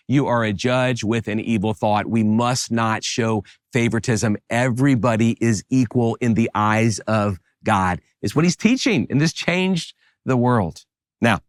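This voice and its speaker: A middle-aged pastor from the New Orleans area with a Southern American accent, giving an animated sermon with emphatic rises. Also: male voice, mid-range voice, dry recording, studio quality.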